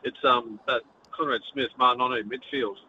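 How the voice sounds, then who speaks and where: A man's voice: medium pitch, fairly even intonation, moderate pace, sharp tone. A man with a New Zealand accent, calling a sports radio show and chatting with easy laughs. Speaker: caller. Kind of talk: talkback call. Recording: dull phone audio with faint noise.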